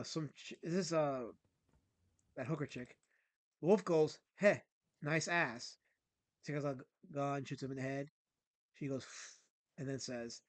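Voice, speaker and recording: A man's voice: medium pitch, a little mellow, dry recording. A man hosting a casual talk show about comics, rambling and reading strips aloud with lots of fillers. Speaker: host.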